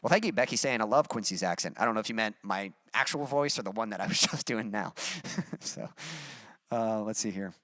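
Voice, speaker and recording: A man from Texas with a mild Texas accent, a musician chatting casually on a livestream and reading out his chat, relaxed and rambling with many fillers. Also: on the low side, fairly quick, dry recording, clean studio sound. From Texas, USA.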